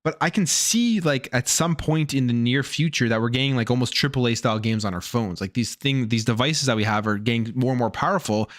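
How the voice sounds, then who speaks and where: A man's voice: mid-range voice, a little fast, few pauses, no room sound. Chatty male gaming streamer, dry sound. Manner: rambling, restarts and repeats words. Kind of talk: casual opinionated commentary.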